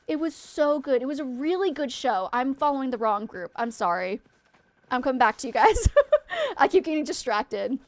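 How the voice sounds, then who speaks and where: A young woman from Maine chats away with her viewers while she plays. Her voice sits high, and she rambles eagerly from one thing to the next, often losing her train of thought. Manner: chatty, excitable, easily distracted, rambling. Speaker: game streamer. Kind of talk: casual livestream chat with viewers.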